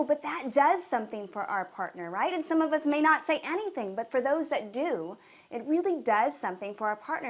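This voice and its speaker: A woman hosting a live stream, coaching viewers on making videos in a playful, animated way and greeting them directly. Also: sits high. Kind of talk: lively live-stream talk. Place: home setup with two cameras.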